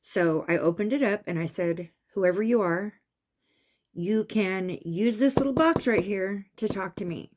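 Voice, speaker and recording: A woman's voice: mid-range voice, a little slow, noisy background. Emphatic woman telling a spooky story. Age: adult with a son. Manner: animated, emphatic, raising voice at tense moments. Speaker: vlogger recounting a psychic experience. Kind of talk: casual storytelling monologue.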